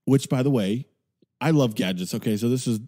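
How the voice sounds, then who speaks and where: A man's voice: mid-range voice, brisk, dark tone. A man co-hosting a podcast, teasing and joking in casual chat. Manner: teasing, jokey. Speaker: podcast co-host.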